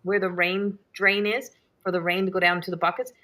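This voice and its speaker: A middle-aged woman with a bright, forceful voice hosts a live Q&A. She tells her stories casually and with animation, laughs often, and raises her voice to act out her own shouts. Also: mid-range voice, flat delivery, brisk. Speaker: host.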